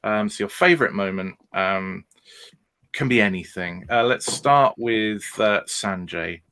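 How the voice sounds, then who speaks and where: A man hosting a casual quiz aftershow, relaxed and full of fillers. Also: lowish voice, measured pace, clean tone. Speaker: podcast host.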